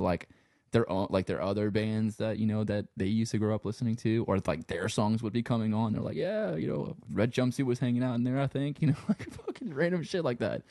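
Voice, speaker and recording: This interview guest, a Louisiana sound engineer and musician with a Cajun accent, talks informally, throwing in curses and plenty of "you know." He has a fairly low, gravelly, warm voice, captured in studio quality without echo.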